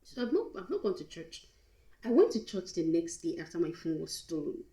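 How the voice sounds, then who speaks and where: A woman's voice: fairly low pitch, very animated, a little fast, warm tone, roomy sound, low-quality recording. A young Nigerian woman vlogger telling a candid, emotional storytime, slipping into pidgin now and then. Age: young adult. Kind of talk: storytime vlog.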